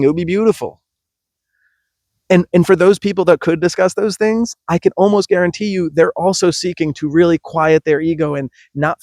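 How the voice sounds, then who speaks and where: A man's voice: a little high, a little mellow, dry recording, studio quality. A man, a yoga teacher, giving an emphatic, passionate podcast monologue with frequent restarts.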